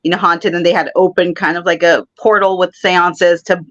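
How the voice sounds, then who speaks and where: A woman's voice: lowish voice, level tone, moderate pace, a bit bright. A woman co-hosting a casual interview, chatting and asking questions. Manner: conversational, asks questions. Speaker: podcast co-host. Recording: dull lo-fi audio.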